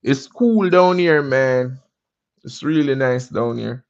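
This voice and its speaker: A man's voice: mid-range voice, dull audio. A Jamaican man hosting a casual livestream chat. He answers viewer comments and greets viewers by name. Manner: laid-back, drawn-out, greets viewers by name. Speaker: livestream host.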